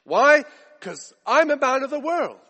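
A man's voice: extremely high pitch, very animated, measured pace, pushed and bright, in a large hall, pitched above the performer's own voice, full character voice. A man acting out a boastful, self-assured ancient husband in a sermon, with brash swagger.

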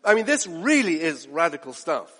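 A male preacher delivers a sermon in a high, lively voice at normal speed, his pitch swinging up and down. He's animated and acts out the voices he quotes, and the church hall gives his voice a long reverb.

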